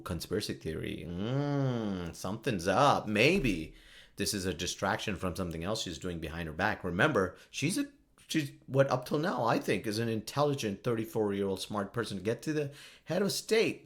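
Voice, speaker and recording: A man hosting a solo podcast, rambling and joking, laughing often at his own remarks. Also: medium pitch. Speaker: podcast host.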